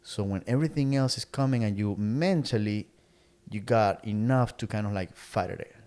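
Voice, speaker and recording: Middle-aged man, fairly low voice, earnest motivational podcast co-host, thinks aloud with restarts. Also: moderate pace, mellow, clear, resonant tone. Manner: earnest, repeats words while searching for phrasing. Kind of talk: casual motivational chat.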